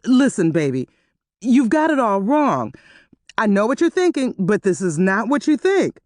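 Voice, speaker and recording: A woman narrator voicing a panicked, sweating man who pleads in a shrill, desperate voice. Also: very animated, normal speed, a little mellow, no room sound, studio quality. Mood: pleading. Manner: shrill and high-pitched.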